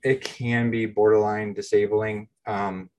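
An American man in his thirties with a somewhat low-pitched voice shares his own story on a podcast. He talks casually and candidly, poking fun at himself along the way. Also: little pitch movement, measured pace, a little mellow. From United States. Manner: candid, self-deprecating, plain-spoken. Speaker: podcast co-host.

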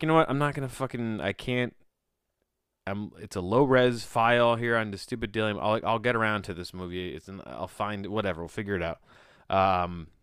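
Here a podcast host speaks alone on a home mic in a low, slightly bright, smooth voice, with studio-quality sound and no room noise. His offhand, rambling delivery often stops short in the middle of a sentence.

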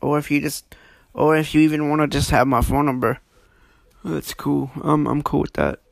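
Gravelly man leaving a rambling message. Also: fairly high pitch, flat delivery, moderate pace, no room sound, clean studio sound. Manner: rambling, laid-back, filler-heavy. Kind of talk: casual voice message.

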